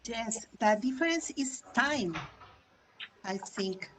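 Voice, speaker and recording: Woman student, hesitant, very slow, noisy call. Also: a little high, expressive. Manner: hesitant, with fillers. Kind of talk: answering in class. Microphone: video call.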